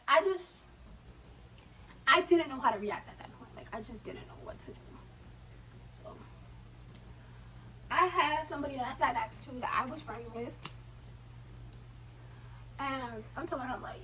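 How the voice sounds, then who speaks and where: Bright, high-voiced young woman telling a story. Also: brisk, long pauses, distant mic, slight background noise, low-quality recording. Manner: slangy, animated retelling with quoted asides. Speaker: vlogger. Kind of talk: casual storytime.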